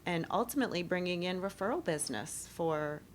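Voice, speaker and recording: A woman's voice: lowish voice, lively intonation, brisk, slight background noise. A middle-aged woman from Maryland, a podcast guest chatting easily and laughing often. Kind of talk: casual interview chat.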